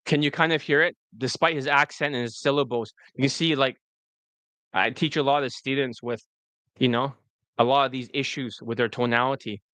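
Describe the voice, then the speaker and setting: A man's voice: medium pitch, steady tone, normal speed, sharp tone, no echo. A man working as a dating coach, talking loosely and profanely through a screen recording, full of fillers. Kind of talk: casual commentary over a screen recording.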